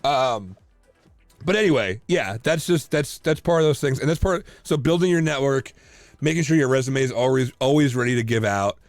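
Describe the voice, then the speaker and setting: A man co-hosting a casual podcast chat, telling lively stories full of fillers and restarts. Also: mid-range voice, normal speed, no echo, soft background music. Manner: animated storyteller, many fillers and restarts. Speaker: podcast co-host.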